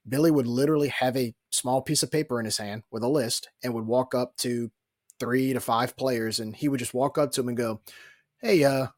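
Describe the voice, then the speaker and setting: A man co-hosting a casual postgame podcast, telling a story in an animated way. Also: medium pitch, brisk, dry recording, studio quality.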